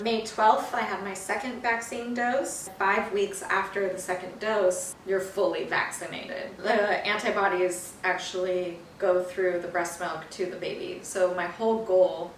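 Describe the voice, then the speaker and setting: A young woman from California chatting about her life in a casual video diary, telling her story with animated energy. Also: medium pitch. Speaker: vlogger. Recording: roomy, from a distance, faint hiss.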